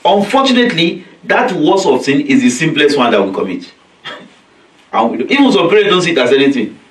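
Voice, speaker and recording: A man's voice: a little high, very animated, a little fast, fairly bright tone. Male religious teacher, weekly lesson, explains Arabic verses in plain English, acts out the quotes, echoey community hall, far from the mic. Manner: recites verses in Arabic and explains them in simple, repetitive English; acts out quoted voices of children and parents. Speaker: religious teacher leading a weekly study circle. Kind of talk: religious lecture.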